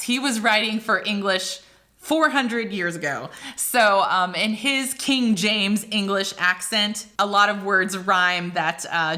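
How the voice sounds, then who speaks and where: Woman, American accent, teacher, bright tone, casual chatty explaining, video lesson. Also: medium pitch. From United States. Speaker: literature teacher.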